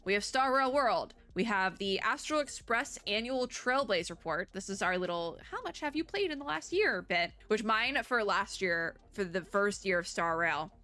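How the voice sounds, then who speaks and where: Young woman host, bright and chatty, rambling game commentary with excited spikes. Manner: chatty, rambling asides, bursts of high excitement. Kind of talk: casual reaction commentary.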